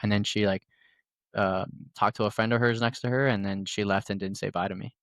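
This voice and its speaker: Young male podcast host, rambling storyteller, lowish voice, dry close sound. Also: steady tone, brisk, a bit bright, no echo. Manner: rambling storytelling with many fillers. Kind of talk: casual conversation.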